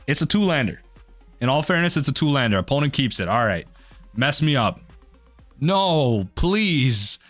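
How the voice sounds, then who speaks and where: A man commentating his own card game match for a video, muttering quietly at times and then bursting into excited yells. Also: normal speed, soft background music. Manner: mutters low then erupts into excited yelling. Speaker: gaming video host.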